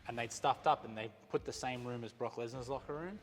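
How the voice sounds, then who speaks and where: Aussie guy rattling off wrestling stories quick, swears a lot, echoey room. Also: mid-range voice. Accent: Australian. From Australia. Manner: fast, animated anecdotes with swearing. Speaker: professional wrestler, guest. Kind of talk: casual storytelling chat.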